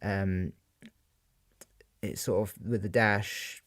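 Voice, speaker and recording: A man's voice: fairly low pitch, fairly even intonation, drawn-out words, fairly bright tone, no echo, studio quality. A young man talking through a poem for revision, unscripted and hesitant, with many fillers. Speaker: student giving revision analysis. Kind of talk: unscripted spoken revision talk. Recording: faint guitar music behind.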